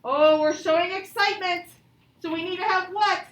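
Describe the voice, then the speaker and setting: A woman teaching a grammar lesson to young pupils, patient and encouraging, reading example sentences out slowly. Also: very high voice, fairly even intonation, fairly bright tone. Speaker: elementary school teacher. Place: classroom, also streamed to pupils at home. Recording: echoey classroom from far off.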